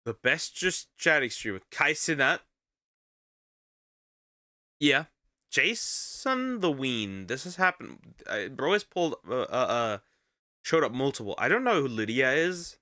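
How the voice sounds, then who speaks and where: Blunt, bright-voiced man ranting. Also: medium pitch, very animated, a little slow, pauses often, dry recording, studio quality. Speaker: VTuber reaction streamer. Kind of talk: casual reaction commentary.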